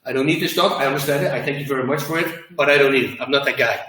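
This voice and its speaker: Emphatic former fighter, bright echoey voice. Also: male voice, mid-range voice, racing, recorded from a distance. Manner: emphatic, animated storytelling with acted quotes. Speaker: former fighter, interview guest. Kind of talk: interview answers.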